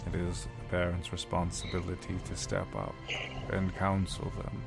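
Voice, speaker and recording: A man voicing a calm, grave female dryad elder who is also a mother, speaking slowly and formally. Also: low-pitched, vocal fry, over music. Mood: earnest. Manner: slow, measured, formal speech.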